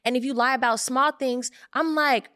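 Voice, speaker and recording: A woman's voice: moderate pace, dry recording, studio quality. A young woman co-hosting a podcast, telling a personal story in casual chat and acting out the quotes. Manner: animated storyteller who acts out quotes in higher voices. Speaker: podcast co-host.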